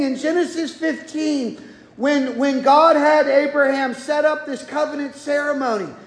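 A man preaching a sermon, telling the story in a folksy way and acting out the quotes. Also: very high-pitched. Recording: echoey hall.

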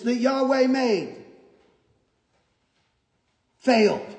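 A male pastor preaching a sermon, emphatic and repetitive, moving from quiet stretches to shouted points. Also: very high voice, slow. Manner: emphatic, repeats key phrases, shifts from quiet to shouting. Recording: echoey hall.

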